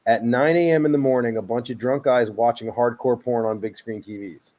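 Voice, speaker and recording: A man's voice: mid-range voice, fairly quick, mellow. A man co-hosting a podcast, reading listener stories aloud in casual, dry chat. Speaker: podcast co-host.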